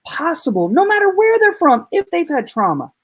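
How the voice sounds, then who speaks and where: A middle-aged woman, an educator hosting a podcast, telling heartfelt stories in an animated way. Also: extremely high pitch, moderate pace. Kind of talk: podcast conversation.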